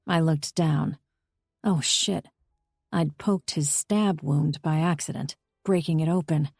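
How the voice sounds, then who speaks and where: A woman reading a first-person audiobook novel in a steady, intimate way. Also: low voice, slow, creaky, husky, no echo, studio quality. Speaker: audiobook narrator. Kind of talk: scripted first-person narration.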